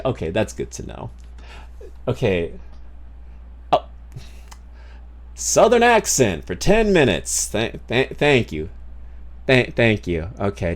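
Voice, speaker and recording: A man's voice: on the low side, darkish tone. A man streaming, chatting casually with viewers in a rambling way, swearing freely. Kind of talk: casual livestream chat.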